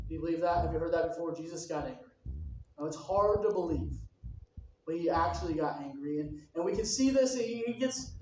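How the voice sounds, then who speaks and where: Recorded from a distance in a very echoey hall, a man with a high, darkish voice gives a conversational sermon full of questions to his listeners. Slight background noise sits under the audio.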